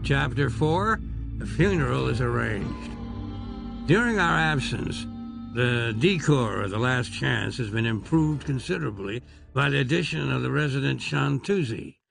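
A man's voice: mid-range voice, vocal fry. A man narrating an audiobook expressively, with a wry, arch storytelling manner.

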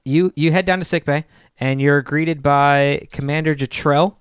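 Man running a tabletop game, smooth voice. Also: on the high side, fairly even intonation, no echo, clean studio sound. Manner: halting, full of restarts and fillers. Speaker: game master.

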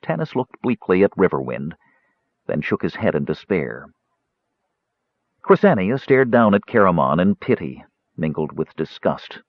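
A man reading a fantasy audiobook with an expressive, varied delivery. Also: deep voice, unhurried, long pauses, no echo. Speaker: audiobook narrator. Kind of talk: scripted fantasy narration. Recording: slightly dull audiobook recording.

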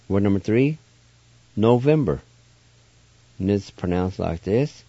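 Older man, patient teacher, slow, syllable by syllable, muffled dry radio sound. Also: sits low, expressive, mellow, no echo. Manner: patient, repeats each word syllable by syllable. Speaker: radio host teaching language. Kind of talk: slow spelled-out language lesson.

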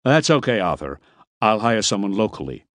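A man doing a brisk, commanding boss. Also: fairly low pitch, very animated, a bit bright, dry recording. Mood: authoritative. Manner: brisk, authoritative, suspicious.

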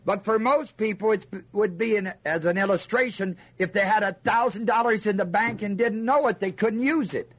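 A man's voice: high voice, normal speed, few pauses, husky. An older man teaching a Bible lesson to a listening group, asking them questions and answering himself with emphasis. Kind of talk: sermon teaching.

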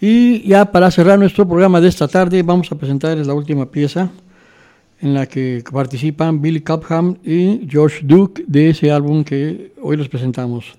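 A man hosting a radio music program, announcing the next piece in a relaxed, slightly hesitant way. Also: fairly high pitch, brisk. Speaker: radio music show host.

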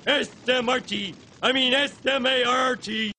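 High-voiced man chanting taunts. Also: steady tone, a little slow, bright, forceful tone, slight background noise.

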